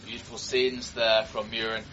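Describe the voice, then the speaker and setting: A man giving live, joking race commentary that turns into excited shouts at crashes. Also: fairly low pitch, moderate pace, background noise. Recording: dull broadcast audio with crowd behind.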